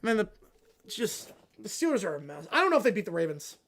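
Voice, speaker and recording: Excitable man ranting on a live stream. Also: quick pace. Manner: excitable, answers chat questions, swings from loud rants to low mumbles. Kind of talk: casual live reaction chat.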